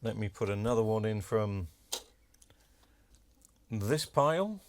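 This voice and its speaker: A man's voice: lowish voice, lively intonation, slow, slight background noise. A man talking casually while demonstrating electronics, chatty with cheeky asides. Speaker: electronics repair video maker. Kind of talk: casual demo talk to camera.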